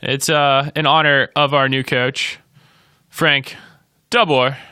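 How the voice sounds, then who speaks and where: Bright-voiced man joking about soccer. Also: mid-range voice, level tone, takes it slowly, smooth, dry recording, studio quality. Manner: rambling, joking, many restarts. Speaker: podcast co-host. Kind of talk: casual chat.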